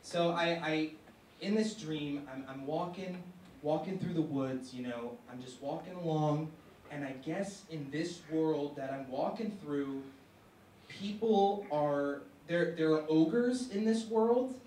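Brief: young male comic, halting delivery, recorded from far off in an echoey room with faint noise. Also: fairly high pitch, a little mellow. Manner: halting, with repeated restarts. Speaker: stand-up comedian. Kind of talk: stand-up comedy set. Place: university comedy stage.

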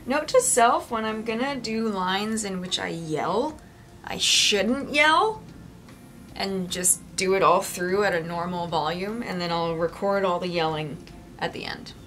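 A woman's voice: medium pitch, expressive, a little slow, fairly bright tone, a little hiss or hum. A woman audiobook narrator talking casually to herself between takes at home, swearing freely.

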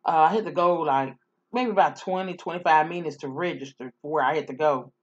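A woman's voice: deep voice, a little fast, lo-fi sound. A woman vlogger chatting casually through a story, sassy and repetitive.

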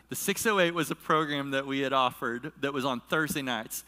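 Bright-voiced man preaching in a reverberant hall. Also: medium pitch, brisk, hardly any pauses. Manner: emotional, chokes up while telling a story. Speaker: pastor. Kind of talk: storytelling sermon. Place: church hall with a live audience.

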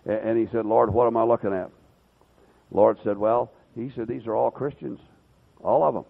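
A man's voice: fairly low pitch, steady tone, normal speed, vocal fry. A man preaching a sermon, retelling a story full of "he said" and "uh" fillers. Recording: tinny lo-fi sermon recording.

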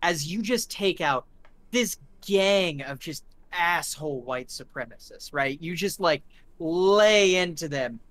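A man's voice: on the high side, lively intonation, takes it slowly, a bit bright. A man running a tabletop game as game master. He paints gory scenes in vivid detail, full of fillers and restarts.

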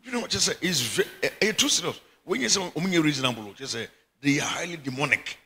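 Forceful Ghanaian bishop preaching. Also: male voice, fairly high pitch, animated, fast talker, husky. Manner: emphatic preaching with frequent laughter. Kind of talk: sermon. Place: church chapel.

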